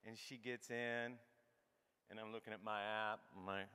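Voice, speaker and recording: A middle-aged man giving a comedic keynote talk, animated and irreverent, acting out his own thoughts as he tells the story. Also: lowish voice, normal speed, clean tone. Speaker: keynote speaker. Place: large conference hall. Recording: long hall reverb.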